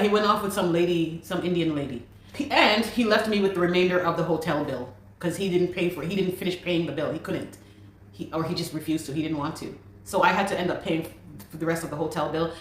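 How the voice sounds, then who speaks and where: A young adult woman emphatically telling a personal story as a guest, repeating phrases for emphasis. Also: on the low side. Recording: very echoey room.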